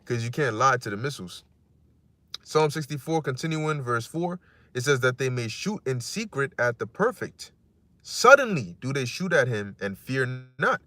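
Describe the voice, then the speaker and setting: A man's voice: medium pitch, animated, moderate pace, pushed and bright, no echo. A man preaching casually on scripture, rambling and conversational, acting out voices he quotes and cursing freely.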